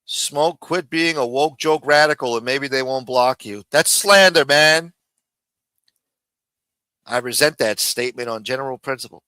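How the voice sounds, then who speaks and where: A man's voice: mid-range voice, measured pace, sharp tone, clean tone, no room sound. A man hosting a live-stream panel, reading out viewer chat and greeting commenters in a blunt, joking way. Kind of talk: casual live-stream banter.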